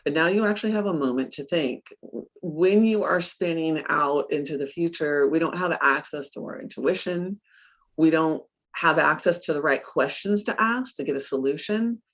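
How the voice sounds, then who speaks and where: A middle-aged woman coach in a casual interview, telling stories with lively acted-out quotes and frequent laughs. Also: sits low, moderate pace. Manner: animated storyteller, acts out her own quotes, laughs often.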